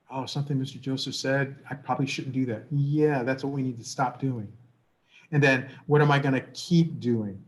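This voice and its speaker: A man presenting a workplace workshop and telling a story, conversational and full of rhetorical questions. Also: medium pitch.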